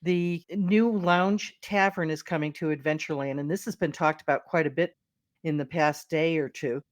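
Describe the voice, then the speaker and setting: A woman's voice: sits low, steady tone, normal speed, no echo, studio quality. A middle-aged woman co-hosting a podcast in casual, enthusiastic chat, often restarting words. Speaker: podcast co-host.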